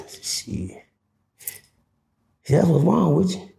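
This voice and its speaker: Animated gravelly-voiced man telling stories. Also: moderate pace, long pauses. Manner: acts out voices, swings pitch widely, swears freely. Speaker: guest telling prison stories. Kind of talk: animated storytelling.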